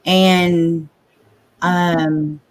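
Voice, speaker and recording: A woman's voice: fairly low pitch, flat delivery, drawn-out words. Chatty woman host, livestream chat, a slight stutter.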